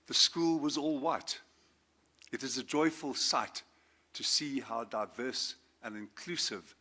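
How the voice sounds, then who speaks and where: A South African man in his seventies, a former judge, giving a formal speech to a school assembly. He speaks in a measured, formal way and lifts his voice on key words. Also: medium pitch, sharp tone, breathy edge. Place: school assembly, speaker standing before students.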